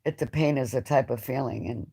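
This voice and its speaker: A woman host in a live-stream chat, talking in an emotional, rambling way with many halting restarts. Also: a bass voice, creaky, warm tone, slightly rough. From United States. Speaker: channel host.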